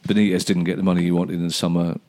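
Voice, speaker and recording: A man with a very low voice talks football on a podcast. He builds his points slowly and repeats himself as he thinks, in a relaxed, opinionated chat. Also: a little hiss or hum. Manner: measured, opinionated analysis with repeated restarts. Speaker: podcast co-host.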